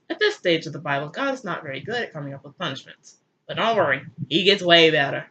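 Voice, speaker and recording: Sarcastic woman, lively comic reading. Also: sits low, fast talker, hardly any pauses, lo-fi sound, slight background noise. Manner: sarcastic, irreverent, crude. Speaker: channel host. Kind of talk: comedic read-aloud retelling.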